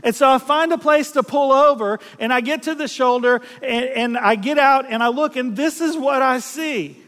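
A middle-aged man from South Louisiana, preaching a storytelling sermon in a folksy, animated way, acting out voices and laughing at himself. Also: very high-pitched, moderate pace, in a large hall.

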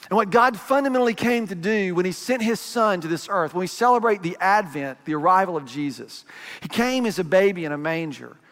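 Man, pastor, sermon, storytelling, acts out dialogue, high-pitched, long hall echo. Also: a bit bright.

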